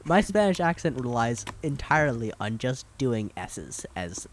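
A man's voice: mid-range voice, very animated, unhurried, a little hiss or hum. A man co-hosting a casual motorsport podcast, with a dry, teasing way of talking. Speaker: co-host.

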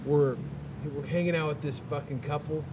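A man on a motorcycle trip, spinning a road story in loose, swearing casual talk. His voice sits a touch high for a man, and a faint engine rumble runs behind him. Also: normal speed. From Texas. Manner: profane, animated storyteller. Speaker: motorcycle traveler. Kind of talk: casual chat.

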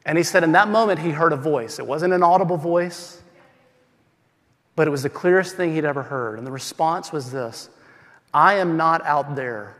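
A man preaching a sermon as pastor, swinging from loud emphatic lines to quiet, slow, intimate passages. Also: on the high side. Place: church sanctuary. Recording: hall with long reverb.

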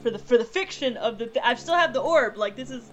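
A woman playing a tabletop game, animated and laughing as she tells what her character does. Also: a little high, fast, dull audio. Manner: animated storyteller, laughing often. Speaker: player. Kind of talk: casual tabletop play.

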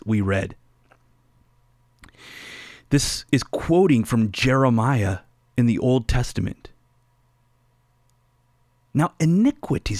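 A man teaching the Bible on a call-in radio show, leaning hard on key words and repeating them. He speaks slowly in a middle-pitched voice. His studio microphone gives a close, dry sound. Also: big pitch swings, a little mellow, no room sound. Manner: emphatic, stresses and repeats key phrases.

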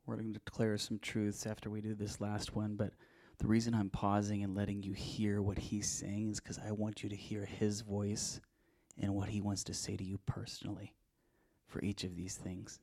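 A man's voice: lowish voice, monotone, normal speed, mellow. A man preaching as a pastor, leading the congregation in repeat-after-me prayers and declarations. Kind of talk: charismatic sermon and prayer ministry.

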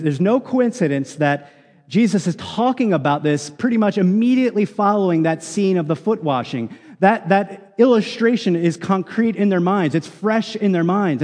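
A man's voice: sits high, darkish tone. Earnest man preaching in a reverberant hall. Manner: earnest, emphatic teaching with repeated restarts. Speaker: pastor. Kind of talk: sermon.

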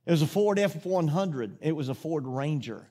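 A man's voice: fairly high pitch, animated, moderate pace, warm tone. A middle-aged man preaching a sermon, telling a childhood story in a folksy way before building to fervent preaching. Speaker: pastor.

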